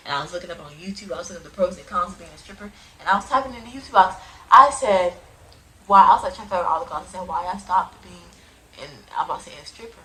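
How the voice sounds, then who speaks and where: A young woman casually telling her personal testimony into a phone, animated and prone to sudden loud outbursts, with uneven volume. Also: lowish voice, rapid-fire, poor audio. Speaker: person giving a religious testimony.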